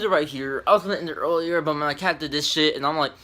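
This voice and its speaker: A young man vlogging alone at home, crude and swearing, going from mumbling to loud outbursts. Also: a little high, fast, a little hiss or hum. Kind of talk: casual solo vlog. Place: home room.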